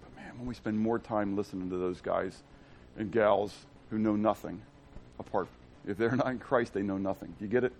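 A man preaching a sermon in a casual style, asking the congregation rhetorical questions and swinging from hushed to loud and excited. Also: lowish voice, normal speed, a little hiss or hum. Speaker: pastor.

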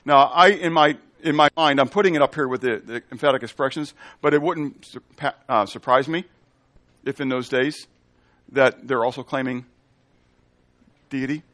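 A man's voice: mid-range voice, moderate pace, a bit bright, dry recording. A man preaching a teaching sermon in a conversational way, often checking in with "okay?" and explaining Hebrew and Greek terms. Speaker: pastor.

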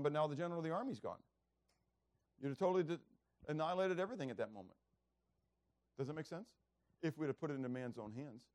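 A man's voice: on the high side, darkish tone, no echo. A man preaching a sermon in a conversational way, asking the listeners questions and acting out biblical speeches in a raised voice. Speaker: pastor.

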